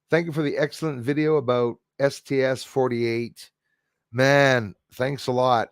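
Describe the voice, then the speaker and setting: A man's voice: medium pitch, steady tone, unhurried, clean tone, no echo, studio quality. A man hosting a casual livestream, chatting loosely and reading out viewer comments with frequent laughs and fillers. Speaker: livestream host.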